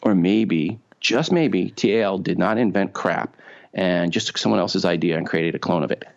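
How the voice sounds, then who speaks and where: A man's voice: low voice, moderate pace, gravelly. A man with a New York accent co-hosting a podcast, chatting casually with repeated words and sarcastic asides. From Long Island, New York. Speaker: podcast co-host. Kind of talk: casual chat. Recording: dull lo-fi sound.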